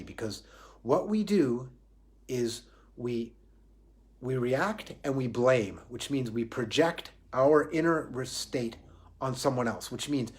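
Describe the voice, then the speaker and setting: A man giving a live spiritual talk on responsibility in a reflective way, often restarting phrases and asking himself questions aloud. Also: medium pitch. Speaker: spiritual teacher.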